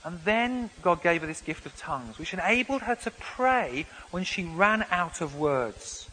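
A man preaching a sermon in a relaxed, conversational way, often restarting and repeating words as he explains. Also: high voice, a little slow. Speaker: pastor. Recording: long hall reverb, faint background noise.

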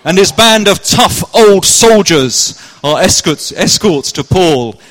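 Picture a jolly Cornish sea captain, put on by a man, declaiming the story in bouncing rhyme, pitched high and sing-song. The voice rings through an echoey hall with a long reverb tail. It has the emphatic swing of a live stage narration. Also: expressive, slow, fairly bright tone, exaggerated voice. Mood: rhyming. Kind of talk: rhyming verse narration in a live church play.

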